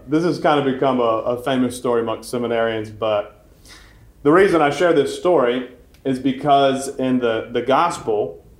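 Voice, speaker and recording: A male priest preaches a homily at a mid-range pitch, easygoing and conversational, with small hesitations as he tells a story. His voice rings out in a roomy church with clear echo. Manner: conversational storytelling, relaxed with fillers. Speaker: Catholic priest.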